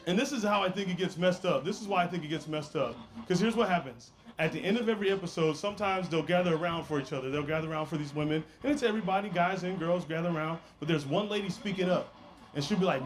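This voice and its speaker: A man's voice: fairly high pitch, quick pace, background noise. A man doing a stand-up comedy set, telling stories in a brash, playful way with asides to the crowd.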